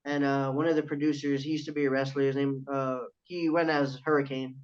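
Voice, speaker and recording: A young wrestler appears as a guest on a casual podcast, animatedly telling a story full of swearing and quoting what others said. He talks briskly in a medium pitch, and the recording is dull and lo-fi.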